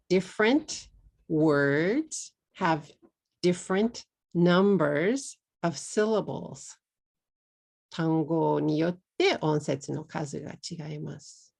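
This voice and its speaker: A middle-aged woman from Texas with a Texan accent, teaching an English pronunciation lesson slowly and deliberately, repeating words for learners. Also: low-pitched, vocal fry, darkish tone.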